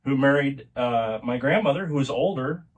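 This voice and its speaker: A man's voice: mid-range voice, normal speed, distant mic. A middle-aged man, a podcast guest, telling family stories in a casual, rambling way with many restarts. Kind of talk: casual conversational storytelling.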